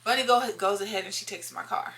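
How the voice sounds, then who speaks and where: Bright-voiced woman telling a storytime. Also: medium pitch, quick pace. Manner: emphatic, repeats lines for effect, talks straight to viewers. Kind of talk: casual storytime monologue.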